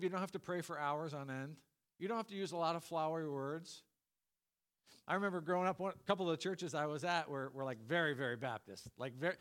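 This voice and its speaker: A man with a fairly high voice delivers a lively sermon. He tells the story with humor and slips into acted-out voices for the people in it. He sounds middle-aged and talks like a pastor to his congregation.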